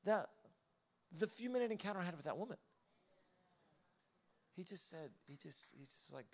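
A man's voice: high voice, lively intonation, normal speed, long pauses. A male pastor preaching a live sermon in a church, telling stories in a loose conversational way with laughing asides. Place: church auditorium, live service.

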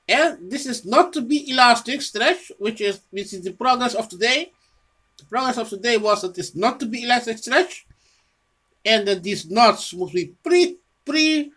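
In a mid-range, slightly bright voice, a home video presenter rambles without a script about their own research. Words get repeated, phrases restart often, and an imagined listener gets scolded.

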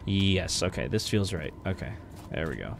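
A man doing excitable gameplay commentary, trash-talking and swearing at enemies. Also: low voice, moderate pace, gravelly. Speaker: let's play streamer. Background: game music.

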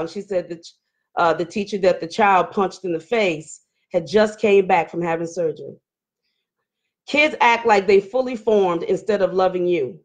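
A middle-aged woman hosting a live online talk show, reading viewer comments and preaching with fired-up energy, hollering at times. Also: mid-range voice.

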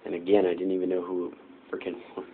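A man's voice: deep voice, monotone, fast talker. A young man giving casual, joking commentary over a video game and talking back to its characters. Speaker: gameplay commentator. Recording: tinny lo-fi mic with faint hiss.

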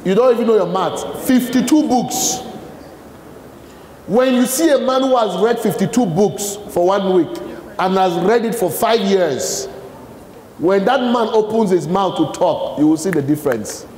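Man, Nigerian accent, high voice, live talk, prompts the audience, long hall reverb, faint room noise. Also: lively intonation, unhurried, a little mellow. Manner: questioning the crowd, fill-in-the-blank prompts. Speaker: motivational speaker.

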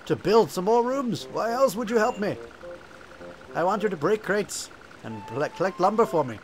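A man's voice: high-pitched, expressive, quick pace, a little hiss or hum, voice pushed up. A man voicing a friendly male beaver-like creature from a game, with a wobbly put-on accent and chirpy politeness. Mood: chirpy, grateful.

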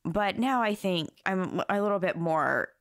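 A woman's voice: mid-range voice, expressive, measured pace, no echo, studio quality. A young woman guest talking candidly, frank and exasperated, swearing freely. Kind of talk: candid personal conversation.

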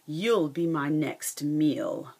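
Proud growling lion, scornful and loud, storybook fable, a woman doing the voice. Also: low voice, very slow, breathy edge, full character voice. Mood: haughty. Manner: growled, mocking laugh.

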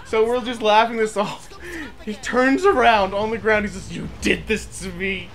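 A man's voice: high voice, steady tone, normal speed, fairly bright tone. A young man telling a funny story in casual chat over gameplay, laughing through his words. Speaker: let's play co-host.

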